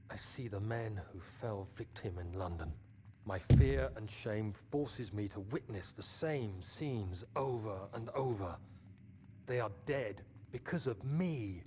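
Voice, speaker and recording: An actor voicing a guilt-ridden young man in a horror game, speaking his thoughts in a somber, measured voice-over. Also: fairly low pitch, a little mellow, a little hiss or hum. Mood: grim.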